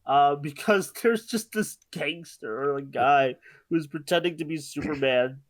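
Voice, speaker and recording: A man chatting casually as a podcast guest in a relaxed, easygoing way. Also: fairly high pitch, unhurried.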